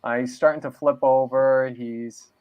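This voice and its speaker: A New England man appears as a podcast guest in a casual interview chat, laid-back and saying "man" and "dude" a lot. His medium-pitched voice is steady, clear, and resonant, at a measured pace, though the sound is dull and lo-fi.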